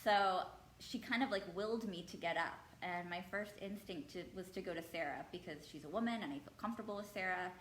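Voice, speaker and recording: Female guest, low voice, earnest and halting testimony, echoey room with faint hiss. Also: a bit bright. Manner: earnest, hesitant with many ums. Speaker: guest sharing her experience. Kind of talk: personal testimony in an interview.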